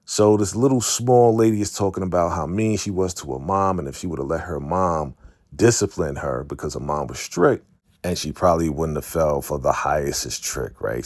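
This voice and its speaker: A man with a very deep, low voice runs through a casual recap of a TV episode. He retells the scenes with animated energy and slips into quick impressions of the characters' lines. The sound is dry and close, with no room echo. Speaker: TV recap host.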